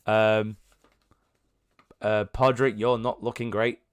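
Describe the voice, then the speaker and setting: A man's voice: on the low side, little pitch movement, takes it slowly, clear, resonant tone. A man narrating as game master of a tabletop game, chatty and rambling, with frequent fillers.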